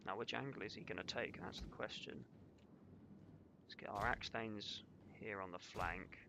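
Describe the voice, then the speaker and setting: A man's voice: on the low side, moderate pace, gravelly, background noise. Man giving casual strategy game commentary. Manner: casual, swears, jokes with chat. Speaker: streamer. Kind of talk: live gameplay commentary.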